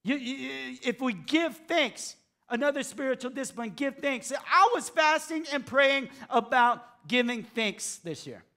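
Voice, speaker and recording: A male pastor preaching a sermon, acting out the voices of doubters, then dropping to hushed emphasis. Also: extremely high pitch, expressive, measured pace.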